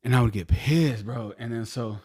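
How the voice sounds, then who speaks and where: A man's voice: mid-range voice, moderate pace, a little mellow, breathy edge. A young man co-hosting a podcast, telling childhood stories in casual, profane chat and laughing often. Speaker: podcast co-host.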